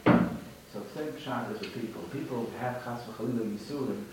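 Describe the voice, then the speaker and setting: A man's voice: medium pitch, a little fast, very noisy. Man teaching a class in an echoey room. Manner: conversational, repeats and restarts phrases, tells parables. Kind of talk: informal religious lesson with storytelling. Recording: very echoey room, mic far off.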